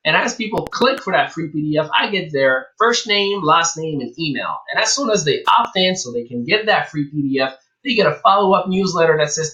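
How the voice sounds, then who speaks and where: Bright, energetic male business coach. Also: on the high side, fairly quick, low-quality recording. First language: not English. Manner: energetic, acts out both sides of conversations. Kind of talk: motivational talk.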